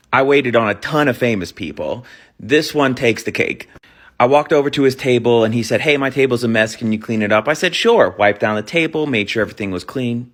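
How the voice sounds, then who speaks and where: A man's voice: medium pitch, a bit bright. Man dryly recounting a nightclub story. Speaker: former nightclub server. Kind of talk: casual storytelling.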